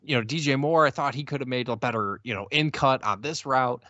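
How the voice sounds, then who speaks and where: A man's voice: medium pitch, fairly quick, bright, forceful tone, dry recording, muffled recording. Exasperated man co-hosting a sports podcast. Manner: exasperated, stammering restarts. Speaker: podcast co-host. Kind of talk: casual sports podcast chat.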